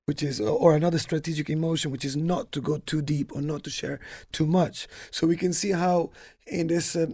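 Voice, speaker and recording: A man's voice: fairly high pitch, fairly even intonation, normal speed, darkish tone, breathy edge. A man as guest in a casual book discussion, explaining ideas in long, hesitant sentences.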